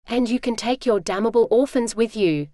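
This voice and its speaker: A synthetic woman's voice reading the part of a blustering male melodrama actor who shouts theatrical insults, dry and close. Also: extremely high pitch, moderate pace, no room sound. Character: blustering melodrama stage gentleman.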